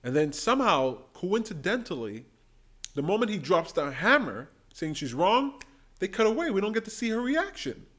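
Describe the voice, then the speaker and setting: Excitable high-voiced man reacting to clips. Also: normal speed. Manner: animated and gushing, mimicking voices. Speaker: vlogger commentator. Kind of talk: excited commentary on debate clips.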